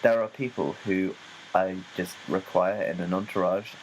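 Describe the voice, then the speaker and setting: A man's voice: deep voice, fairly even intonation, moderate pace, slight background noise, low-quality recording. A man co-hosting a casual comedy podcast, talking in a playful way and jumping into silly bits. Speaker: podcast co-host.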